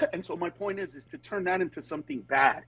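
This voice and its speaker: A man's voice: fairly high pitch, a little fast, background noise. A man talking casually on a podcast as a comedian guest, telling stories and acting out what people said. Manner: animated storyteller, acts out quoted voices.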